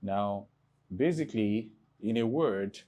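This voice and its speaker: A man from Nigeria teaching an exam prep English lesson, explaining slowly and spelling words out letter by letter. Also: on the low side, lively intonation, dark tone, highs cut off. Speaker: English tutor.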